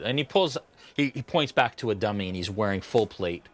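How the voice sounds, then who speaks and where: A man running a tabletop game as dungeon master, narrating with animated energy. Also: fairly low pitch, brisk.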